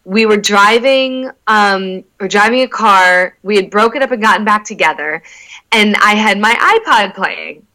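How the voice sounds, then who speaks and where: A young woman telling stories in casual chat, candid and full of filler words, swearing freely with quick asides. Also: medium pitch, low-quality recording. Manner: animated retelling with quick asides.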